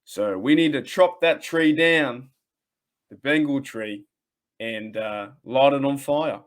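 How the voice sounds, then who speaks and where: A man's voice: mid-range voice, slow pace. An Australian man hosting a solo fan podcast from his room, rambling and trash-talking a rival team with heated energy. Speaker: podcast host.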